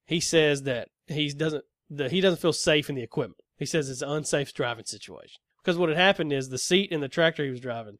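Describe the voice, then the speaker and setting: A man rattles off a story at a quick clip in a fairly high voice, swearing freely and acting out both sides of an argument. The sound is close and dry, with no room around it. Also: a bit bright, dry recording. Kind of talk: casual conversation.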